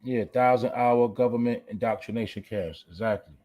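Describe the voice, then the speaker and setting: Male livestream host, mid-pitched voice, blunt, profane, preachy commentary rant. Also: moderate pace, dull audio. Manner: profane, blunt, preachy, talks straight to viewers. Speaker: show host.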